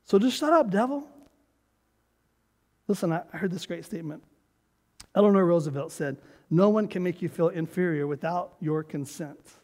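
Emphatic high-voiced pastor preaching. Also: male voice, a little mellow. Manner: emphatic, urges the congregation to repeat after him. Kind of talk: sermon. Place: church sanctuary. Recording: long hall reverb of a church sanctuary.

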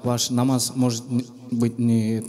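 Mid-pitched male interpreter, fast and hesitant. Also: completely flat delivery, warm tone. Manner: quick, hesitant, with fillers. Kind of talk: interpreting a talk.

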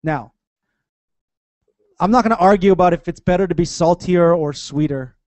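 A man preaching a sermon in church, conversational and animated, with playful asides to the congregation. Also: high-pitched, normal speed, no echo. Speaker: pastor.

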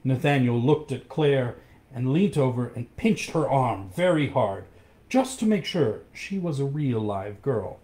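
Expressive male storyteller. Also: mid-range voice, unhurried. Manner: expressive, acts out the characters. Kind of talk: reading a storybook aloud.

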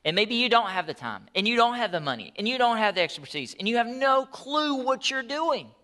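A man preaching a sermon as pastor, telling the story in an animated, conversational way with asides. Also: extremely high pitch, fairly quick.

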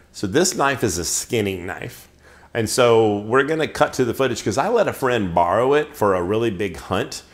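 Lower-voiced man chatting casually about knives. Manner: chatty, filler-heavy, restarts sentences. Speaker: knife reviewer hosting the show. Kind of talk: casual product review.

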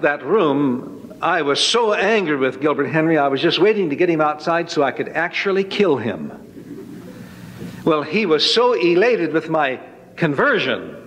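Folksy male testimony speaker, fairly high voice, long echo of a hall around him. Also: a bit bright, a little hiss or hum. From Northern California. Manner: folksy, dramatic storytelling. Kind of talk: spoken personal testimony.

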